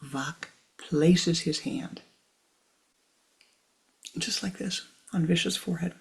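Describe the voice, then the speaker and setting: Woman teacher, sermon storytelling, slow and whispery, lowish gravelly voice. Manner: hushed, dramatic, often whispering. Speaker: spiritual teacher.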